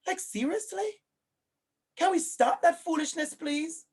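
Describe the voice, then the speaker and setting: A man with a Jamaican accent giving a live online lecture, animated and emphatic, turning to a colleague by name. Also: very high-pitched, measured pace.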